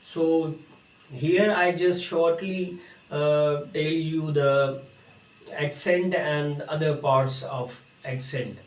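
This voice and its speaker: A man teaching an English lesson to students, speaking haltingly with many fillers. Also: fairly high pitch, steady tone. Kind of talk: recorded English lecture. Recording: echoey room, distant mic.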